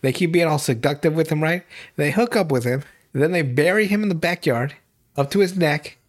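Podcast co-host, man, slightly higher voice, animated and profane, laughs often. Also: fairly quick. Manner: laughing, profane, excitable retelling with loud mock shouting. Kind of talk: casual chat.

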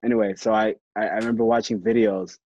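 A man co-hosting a podcast, chatting casually and telling animated, jokey stories. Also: on the low side, fast talker, muffled recording. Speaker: podcast co-host. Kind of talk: casual chat.

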